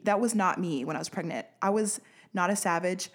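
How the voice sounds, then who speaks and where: A woman's voice: medium pitch, expressive, a little fast. Ranting, sarcastic young woman podcaster. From United States. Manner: sarcastic, ranting, swears freely, laughs often. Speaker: podcast host. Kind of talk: casual solo podcast rant. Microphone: studio podcast mic.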